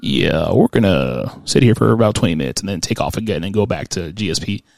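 A man voicing a male airline pilot who makes a calm, drawling cabin announcement. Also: deep voice, brisk, vocal fry, no room sound, studio quality, pitched below the performer's own voice. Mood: laid-back.

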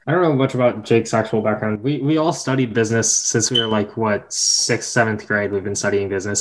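A man in his late teens talking casually and laughing easily in a group chat. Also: lowish voice.

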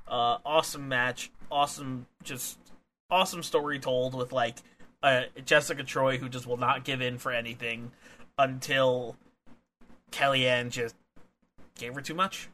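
A man's voice: mid-range voice, steady tone, measured pace, bright, forceful tone. A young man co-hosting a casual podcast, enthusiastic and jokey, often laughing between his lines. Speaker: wrestling podcast co-host.

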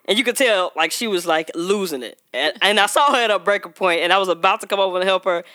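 A woman co-hosting a podcast, talking in with a bright, forward tone. She tells stories in a lively way and laughs often. The sound is close and dry. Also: fast, dry recording. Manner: animated storyteller, acts out quotes in a high voice, laughs often. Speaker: podcast co-host. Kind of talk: casual chat.

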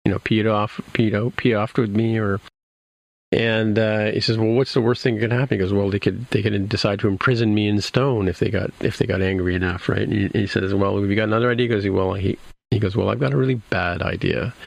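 A man's voice: fairly low pitch, steady tone, brisk, gravelly, dry recording. A man in casual chat, rambling through a recap with many restarts and fillers. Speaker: podcast co-host recapping a TV episode.

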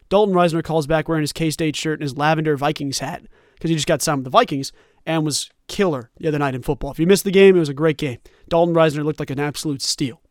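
Recorded in studio quality with no room sound, a young sports podcast host with a fairly high voice keeps up a lively, rambling stream of casual commentary, with many asides along the way.

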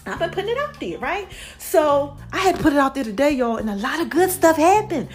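Woman podcast host, high voice, winded, slangy chatty solo talk, soft music underneath. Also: very animated, brisk. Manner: chatty, slangy, calls listeners y'all and child. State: out of breath. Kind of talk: casual monologue to listeners.

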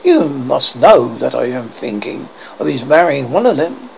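A reader voicing an excitable, fussy middle-aged mother who talks insistently. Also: mid-range voice, measured pace, vocal fry, muffled recording, a little hiss or hum. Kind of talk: audiobook character reading.

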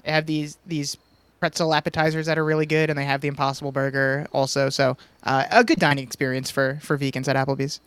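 A man's voice: a little high, fast, clean tone, no echo. A man co-hosting a podcast, telling a story in casual chat and chuckling as he goes. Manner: chuckling, animated anecdote-telling. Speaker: podcast co-host.

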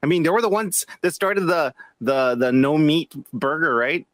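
A man's voice: a little high, animated, moderate pace, a bit bright, no room sound. A man co-hosting a podcast, laid-back and profane in casual chat. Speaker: podcast co-host.

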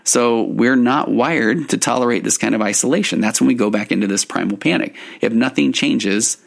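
A middle-aged man, a couples therapist, explaining in a relaxed talk and acting out what spouses say to each other, often repeating words as he goes. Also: medium pitch, moderate pace, vocal fry.

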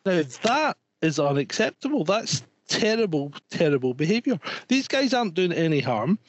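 Indignant man, slightly high voice. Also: big pitch swings, moderate pace, dry recording. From Scotland. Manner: indignant, repeats himself, swears. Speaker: podcast co-host. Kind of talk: casual chat.

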